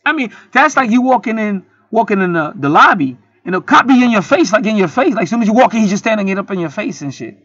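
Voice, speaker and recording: A man's voice: high voice, big pitch swings, fast, hardly any pauses, fairly bright tone, no echo, dull audio. A man telling a story in a casual, heated monologue, swearing often and rambling with many restarts. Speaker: channel host.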